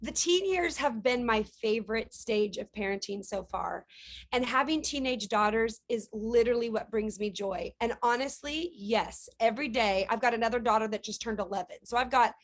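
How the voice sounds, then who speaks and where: A woman in her forties, a guest on a radio interview, telling lively family stories with frequent laughter. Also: on the high side, moderate pace. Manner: animated storyteller, laughs often. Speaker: singer and guest.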